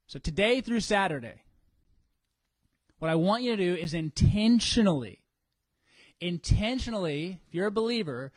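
A man preaching a sermon in an animated way, acting out what people think in church. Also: fairly high pitch, dry recording. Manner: animated, acts out congregants' inner voices. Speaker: pastor.

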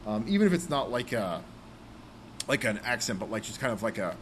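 A man's voice: lowish voice, big pitch swings, a little fast, a little hiss or hum. A young man co-hosting a casual podcast about role-playing games, rambling with many fillers. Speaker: podcast co-host.

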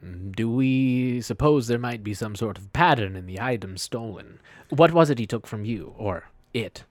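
A man voicing a stiff, formal male scholar in a tabletop game, speaking in a stilted, halting way. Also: medium pitch, dry recording, lightly acted. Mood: grave. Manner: stilted, formal and slow with hesitations. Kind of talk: in-character tabletop role-play.

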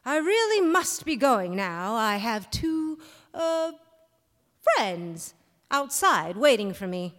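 A woman's voice: on the high side, big pitch swings, slow pace, fairly bright tone, heavily acted. A woman doing a solemn, mock-grand young man. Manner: solemn, defiant, mock-formal. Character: proud battered young man, grandly polite. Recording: long hall reverb, live stage.

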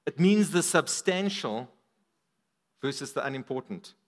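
Male preacher, sermon, fairly high voice, animated, rises and falls for emphasis. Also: a little slow. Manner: animated, rises and drops in pitch and volume for emphasis. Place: church service.

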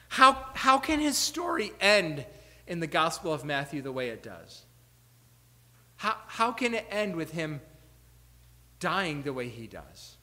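A male pastor delivers a sermon in a high, bright voice. He presses his points with repeated rhetorical questions, then drops to quiet asides. The sound rings with the long reverb of a church sanctuary. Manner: earnest, rhetorical questions, swings between loud emphasis and quiet asides.

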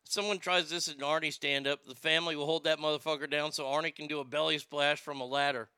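Male host, casual rambling chat, stammers and swears, smooth resonant voice. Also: a little high, fairly even intonation, fast talker, bright, forceful tone, no room sound, clean studio sound. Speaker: show host.

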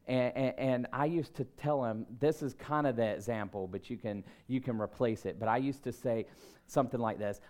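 Male pastor, thirties, sermon, chatty self-deprecating stories, emphatic bursts, mid-pitched voice. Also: normal speed, a little mellow.

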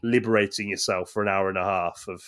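Man, slightly low voice, podcast co-host, animated and analytical. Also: quick pace. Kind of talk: casual chat.

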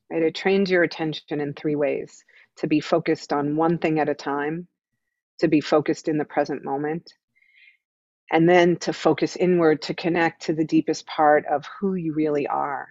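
A woman's voice: low-pitched, darkish tone, dry recording. A woman meditation teacher speaks as an interview guest in an earnest, explanatory way. She often checks in with "right?" as she makes her points. The recording is a little dull and very dry.

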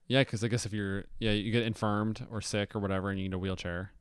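Young male podcast co-host, argues his point, smooth resonant voice, dry close sound. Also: on the low side, fairly even intonation, fast talker, no echo. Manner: argumentative, talks over the other host. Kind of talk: casual chat.

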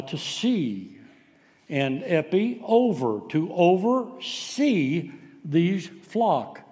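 A man's voice: fairly high pitch, mellow, long reverb tail. A man preaching a sermon, telling stories in a folksy way with frequent filler sounds. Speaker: pastor.

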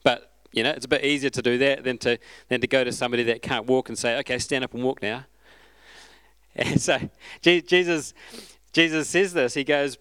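A man preaching a sermon in a relaxed, conversational, storytelling way. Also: mid-range voice, normal speed, smooth, no room sound.

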